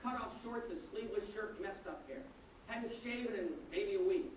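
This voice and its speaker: A man delivers a keynote as an animated, humorous storyteller. His voice sits high for a man. The recording is roomy and echoey, picked up from a distance. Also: moderate pace. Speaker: keynote speaker. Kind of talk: storytelling customer service speech. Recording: echoey room, distant mic, faint noise.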